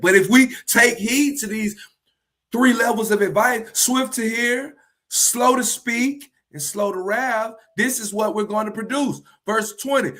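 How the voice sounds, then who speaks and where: A man teaching from the Bible in a livestream, earnest and repeating key phrases slowly for emphasis. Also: high-pitched, a bit bright.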